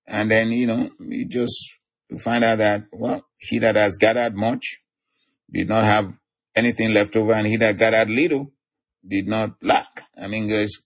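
A man's voice: level tone, measured pace. A man preaching a sermon, reading scripture verses aloud and explaining them with casual asides. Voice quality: gravelly, husky low voice. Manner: reads scripture aloud, chuckles between points.

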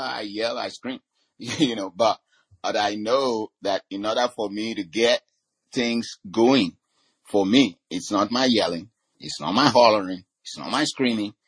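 Husky low-voiced preacher man. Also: a bit bright. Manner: teaching with many "you know" fillers and scripture quotes; slows and stresses key words. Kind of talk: sermon.

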